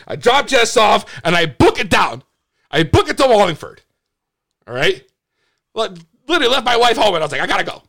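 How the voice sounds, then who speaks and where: Animated high-voiced man telling a story. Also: fairly quick, gravelly. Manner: animated, swears freely, restarts and repeats. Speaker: livestream host. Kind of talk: casual storytelling to a live audience.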